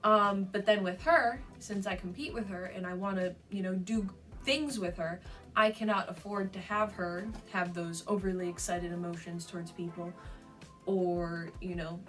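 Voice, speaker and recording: A woman's voice: on the low side, steady tone, normal speed, fairly bright tone, recorded from a distance, soft background music, rough recording. A young adult woman giving dog training advice in a casual vlog, chatty, with frequent laughs and fillers.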